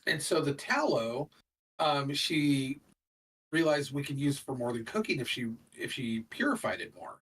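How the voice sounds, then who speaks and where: Husky-voiced middle-aged man, a bit off-mic. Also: mid-range voice, animated, unhurried, a bit bright, far from the mic, poor audio. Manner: rambling, chatty, full of fillers. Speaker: guest. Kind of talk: casual conversation.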